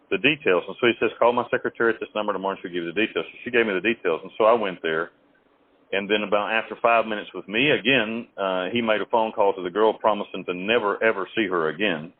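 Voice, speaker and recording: A man on a tinny, phone-like line, telling his own stories in a low, husky voice. He rambles along with restarts and quick acted-out quotes. The sound is dry and close. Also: no echo. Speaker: interview guest.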